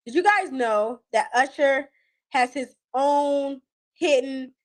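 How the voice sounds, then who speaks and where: A woman's voice: sits high, takes it slowly. A woman hosting a casual live stream, chatting straight to her viewers and laughing often. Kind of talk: casual chat.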